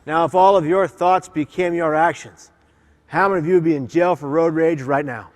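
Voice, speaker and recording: Impassioned high-voiced man speaking in a reverberant hall. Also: normal speed, a little mellow. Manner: impassioned, emphatic, leads audience call-and-response. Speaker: keynote speaker. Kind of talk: motivational keynote speech. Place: large conference hall. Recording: long hall reverb from conference hall.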